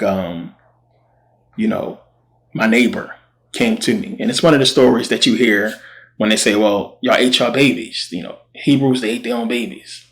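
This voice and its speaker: A man casually retelling a Bible story in slangy speech, acting out what the characters say. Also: mid-range voice. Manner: slangy, animated quoting of characters.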